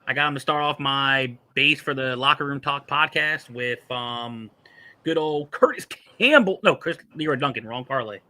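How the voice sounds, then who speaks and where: A man with a mid-pitched, very bright, sharp voice, hosting a sports podcast. He is laid-back and full of slang. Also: normal speed. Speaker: podcast host. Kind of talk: casual sports talk.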